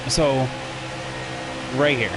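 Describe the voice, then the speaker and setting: A man's voice: medium pitch, steady tone, extremely slow, background noise. A young man commenting on a racing game replay for his stream, rambling and self-deprecating as he talks to his chat. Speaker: gaming streamer.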